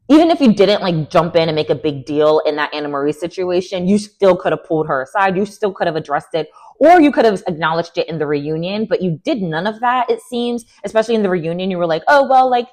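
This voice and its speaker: A woman's voice: fairly low pitch, fairly quick. A woman hosting a reality TV recap, talking casually with sass and strong opinions, often slipping into mocking voices for quotes. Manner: animated, sassy, acts out quotes in mocking voices.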